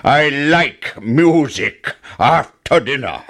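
A man voicing a huge, wicked male giant in a storybook, chanting slowly and menacingly. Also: expressive, fairly bright tone. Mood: commanding. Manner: slow booming chant.

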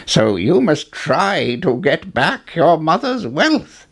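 A man's voice: a little high, big pitch swings, takes it slowly, slightly rough, pitched above the performer's own voice, heavily acted. A man voicing a mysterious old man who warns the hero, in a raised, earnest storybook voice. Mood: solemn.

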